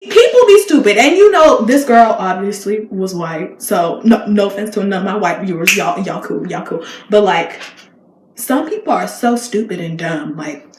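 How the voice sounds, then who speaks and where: A woman vlogger telling a story in a chatty, slangy way, talking straight to her viewers with emphatic repeats. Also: mid-range voice. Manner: animated, emphatic repetition. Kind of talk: casual storytime. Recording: echoey room with faint hiss.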